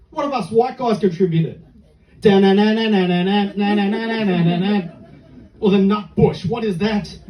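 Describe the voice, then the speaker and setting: A man's voice: high-pitched, dark tone. A middle-aged Australian man doing a stand-up comedy set on a club stage, telling self-mocking stories in a dry way. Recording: echoey club from far off.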